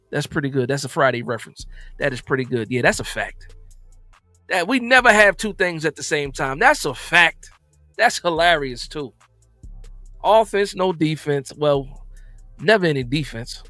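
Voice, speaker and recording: A man's voice: a little high, sing-song, moderate pace, pushed and bright, no echo, soft background music. A man hosting a casual football recap livestream, reading viewer comments and answering emphatically, often repeating himself for emphasis. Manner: conversational, emphatic, repeats phrases. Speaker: livestream host reading chat.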